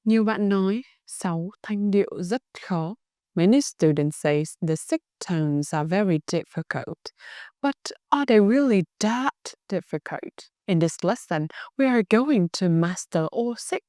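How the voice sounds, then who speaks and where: A woman from Hanoi speaks with a Vietnamese accent as she teaches a scripted language lesson. Her delivery is slow and deliberate, and her voice is mellow with a smooth, clear tone. She demonstrates each sound with care. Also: medium pitch, lively intonation, dry recording, studio quality. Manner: slow, careful demonstration of tones.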